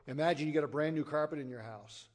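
A man preaches an evangelistic sermon fast, emphatic and full of stories, swinging from loud declarations to hushed, low endings.

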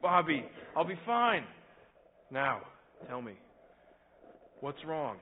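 A man playing a young pastor, hurt but gentle and patient with a boy. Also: fairly high pitch, very animated, slow, a little hiss or hum, exaggerated voice. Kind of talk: church cantata drama. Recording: tinny lo-fi recording.

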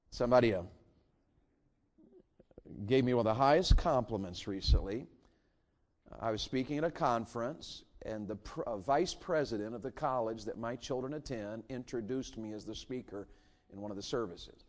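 A man's voice: mid-range voice, moderate pace. A middle-aged man, preaching a sermon and firing rhetorical questions at his congregation. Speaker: pastor.

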